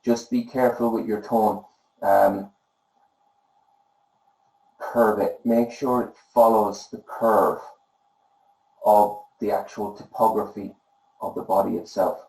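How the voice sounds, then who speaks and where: A man giving gentle, encouraging feedback on student drawings as an art tutor, pausing often with fillers. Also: on the low side, little pitch movement, reverberant, rough recording.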